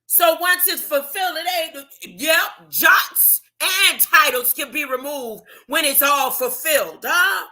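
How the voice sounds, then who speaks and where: A woman preaching alone from scripture in a casual, animated way, throwing out rhetorical questions as she reads. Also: high-pitched, slow, few pauses. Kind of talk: informal solo Bible teaching.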